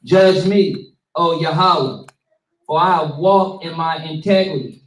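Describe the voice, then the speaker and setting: A man with a fairly high voice reads scripture in a slow, measured way. He sits back from the mic, and his voice rings around an echoey room. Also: recorded from a distance. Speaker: scripture reader. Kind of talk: reading scripture aloud. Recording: roomy, off-mic.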